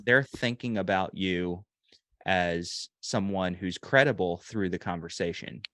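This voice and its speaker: A man coaching a sales agent one on one, relaxed and rambling with frequent ums and restarts. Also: deep voice, a little slow, dry recording.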